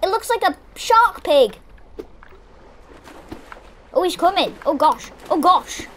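A woman giving excitable, chatty let's-play commentary, exclaiming as she plays. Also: extremely high pitch, slow pace, a little hiss or hum. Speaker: gamer.

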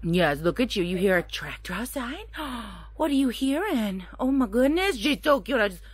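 A woman's voice: fairly high pitch, very animated, moderate pace, breathy edge, dry recording. A young woman vlogging from her car, talking casually and playfully, cooing in baby talk to her dog, recorded on a phone mounted on the dashboard. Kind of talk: casual vlog chat. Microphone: phone on a dashboard tripod. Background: car and road noise.

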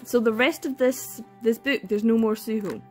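Gushing excitable young woman book vlogger. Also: fairly high pitch, normal speed, faint music behind. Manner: gushing and excitable, laughing and sighing often. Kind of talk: casual reading vlog chat.

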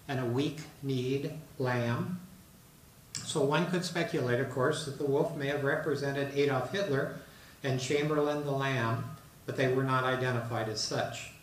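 Male presenter, halting, filler-heavy talk; distant mic in a roomy hall. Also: medium pitch, a little hiss or hum. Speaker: speaker giving a talk on an artist. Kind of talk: presentation to an audience. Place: hall in a retirement residence.

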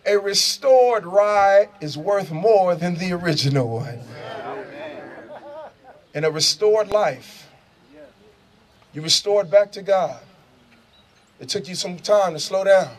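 A middle-aged man, preaching and telling stories loudly to a prison crowd, shouting and laughing in street slang. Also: sits high, slow pace, pauses often. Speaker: motivational speaker. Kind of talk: animated preaching and storytelling. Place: prison gathering space.

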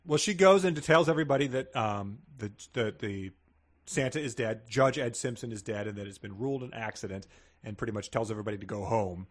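A man's voice: medium pitch, fairly quick. A man co-hosting a podcast in casual chat, recapping a book's plot and laughing often. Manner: chatty, laughs often, lively storytelling. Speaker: podcast co-host.

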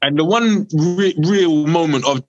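A man's voice: a little high, a little slow, dry recording, dull audio. A young man with a London accent, a podcast guest telling a story casually and acting out the people in it. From South East London. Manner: animated, acts out other voices while telling a story.

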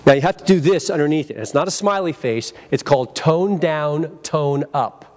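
Lively man leading a sales seminar. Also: fairly high pitch, normal speed. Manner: energetic, acts out phone greetings, leads audience call-and-response. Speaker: sales trainer presenting a seminar. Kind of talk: live training seminar. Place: convention seminar room.

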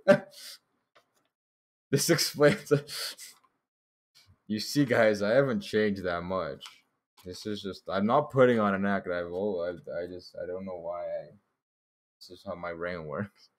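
A man's voice: low-pitched, moderate pace. A young man casually commenting on his old childhood drawings, laid-back and joking, swearing now and then and laughing at himself.

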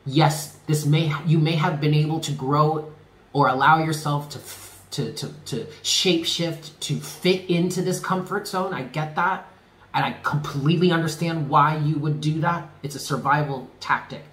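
A man giving a spoken tarot reading, earnest and emphatic, often repeating himself and dropping low on key words. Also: normal speed, a bit bright, reverberant. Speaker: tarot reader.

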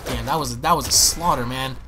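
A man giving excitable, profane live commentary while playing a zombie shooter, often repeating his words. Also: medium pitch, fairly quick, over music. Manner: excitable, swears, exclaims and repeats himself. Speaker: gaming YouTuber.

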